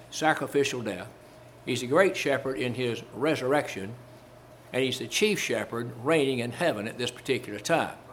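A man's voice: medium pitch, a bit bright, slight background noise. Emphatic preacher man delivering a sermon. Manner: emphatic, repeats phrases for effect, asks the congregation rhetorical questions; quotes King James scripture. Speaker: Baptist preacher.

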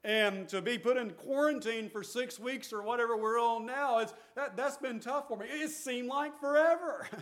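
A man's voice: extremely high pitch, normal speed, few pauses, a bit bright. A man preaching a sermon, reading scripture aloud and explaining it with earnest restarts. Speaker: pastor.

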